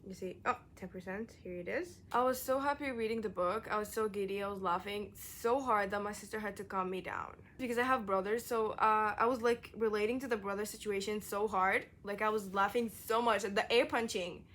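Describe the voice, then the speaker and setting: Chatty excitable woman, native Arabic speaker. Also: mid-range voice, brisk, hardly any pauses, slight background noise. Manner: chatty and excitable, lots of "like" fillers. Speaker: book vlogger. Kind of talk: casual reading vlog chat.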